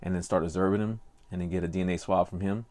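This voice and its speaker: A man's voice: deep voice, steady tone, very fast, a little mellow, a little hiss or hum. An older man with a Cajun accent, co-hosting a casual podcast and telling a rambling story full of fillers. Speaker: podcast co-host. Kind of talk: casual chat.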